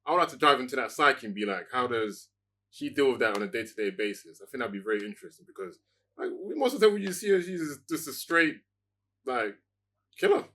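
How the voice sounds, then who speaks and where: A man's voice: mid-range voice, big pitch swings, fast talker, pushed and bright. A man, co-hosting a casual podcast chat in an enthusiastic way, full of "like" fillers. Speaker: podcast co-host.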